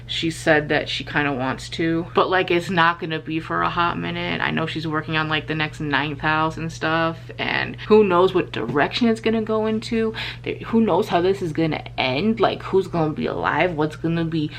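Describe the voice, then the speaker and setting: The rough recording, with a little hiss or hum, captures a young woman's low voice at a moderate pace with few pauses. Tired and vlogging to a handheld camera at home late at night, she gushes excitably about a book, swearing as she likes.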